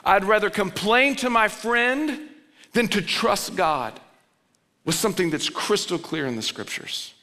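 A man preaching in a church sanctuary, his voice bright and forceful and pitched a little high. He moves between loud, urgent pleading and low, quiet emphasis. The sound rings with the long reverb of a big hall. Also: expressive, unhurried. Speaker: pastor. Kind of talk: sermon.

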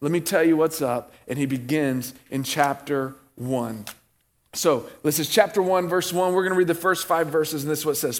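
Middle-aged male pastor, slightly high voice, casual chatty sermon delivery with slow low scripture reading. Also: fairly even intonation. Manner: conversational preaching, slows and drops low reading scripture.

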